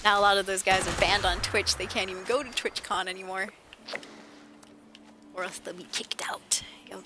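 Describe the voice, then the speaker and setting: A woman streamer chatting casually while playing a game, animated storyteller who laughs often. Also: mid-range voice, normal speed, noisy background. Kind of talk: casual gameplay livestream chat. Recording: game music behind voice. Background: game music.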